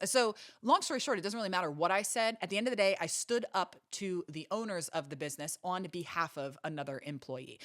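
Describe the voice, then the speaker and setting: Woman host, lowish voice, close dry mic, earnest and emphatic monologue. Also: fairly bright tone, no echo. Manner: earnest, emphatic, repeats phrases for stress. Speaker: podcast host. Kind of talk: personal storytelling monologue.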